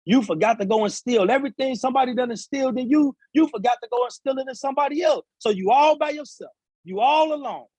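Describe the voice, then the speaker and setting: A man's voice: extremely high pitch, fast, darkish tone, husky, dry recording, rough recording. A man, father of seven, speaking in impassioned, repetitive podcast talk, building to emphatic peaks. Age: adult father of seven sons. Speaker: author and speaker, guest.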